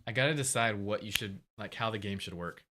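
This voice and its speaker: A man streaming his game development, thinking aloud in a relaxed, casual way while he tests things. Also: on the low side, a little fast, background noise. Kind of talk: casual livestream commentary.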